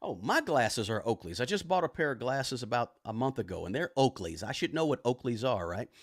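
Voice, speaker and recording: Relaxed man chatting on a live stream. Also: medium pitch, a little fast, no room sound, studio quality. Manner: relaxed, conversational, shouts out viewers and repeats himself. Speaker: personal finance livestream host. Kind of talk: casual live-stream chat reading comments. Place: home room with record player and bookshelves.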